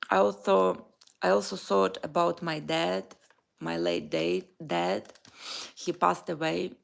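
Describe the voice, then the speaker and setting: Woman vlogging, very slow delivery, gravelly creaky voice, lowish pitch. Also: fairly even intonation. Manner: slow, halting, heartfelt, with pauses and restarts. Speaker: vlogger and life coach. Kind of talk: personal morning reflection vlog.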